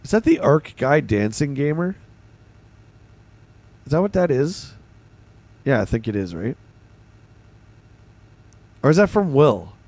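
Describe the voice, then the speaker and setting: A man's voice: mid-range voice, big pitch swings, slow, long pauses, darkish tone. A man from Canada with a Canadian accent, hosting a livestream and chatting casually while reading and answering his chat. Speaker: streamer host.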